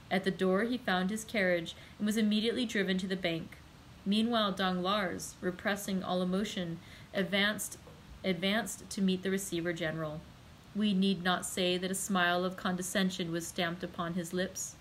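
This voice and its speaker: A woman, a librarian, reading a classic novel aloud in a measured, clear way. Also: on the low side, a little hiss or hum, poor audio. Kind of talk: audiobook read-aloud.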